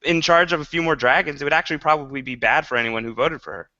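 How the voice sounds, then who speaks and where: A man's voice: on the high side, fast talker, sharp tone, dry recording. A man co-hosting a podcast in casual chat, playful and mock-dramatic. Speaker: podcast co-host. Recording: dull lo-fi podcast audio.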